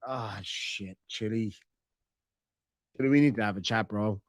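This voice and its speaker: A man's voice: on the low side, a little slow, no echo, clean studio sound. A man giving profane, sarcastic reaction commentary on video clips. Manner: sarcastic, mocking, swears often.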